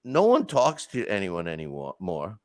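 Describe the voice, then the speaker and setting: Animated man telling stories. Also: low voice, normal speed, no echo. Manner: animated storytelling, frequent restarts and asides. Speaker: podcast host. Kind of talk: casual monologue.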